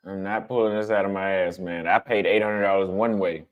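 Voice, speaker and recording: A man's voice: sits low, fairly even intonation, fairly quick, dull audio. A man chatting casually with his audience about travel, blunt and conversational, repeating his points for emphasis. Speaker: travel vlogger answering chat. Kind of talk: casual livestream chat.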